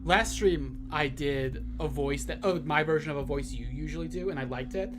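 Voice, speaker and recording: A woman's voice: sits low, normal speed. A woman co-streaming a game, chatting animatedly and reading characters' lines aloud. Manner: animated, reads characters aloud, laughs easily. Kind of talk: casual game-stream chat. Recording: faint game music behind.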